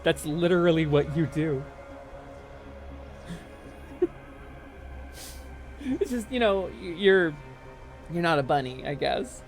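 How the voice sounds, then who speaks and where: A woman streaming a video game, chatting casually and animatedly, swinging into loud mock outrage and laughter. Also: low-pitched, animated, slow, long pauses, soft background music. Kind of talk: casual live-stream chat while gaming.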